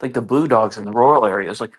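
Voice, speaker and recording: A man co-hosting a casual political chat, dropping in quick, wry remarks. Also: lowish voice.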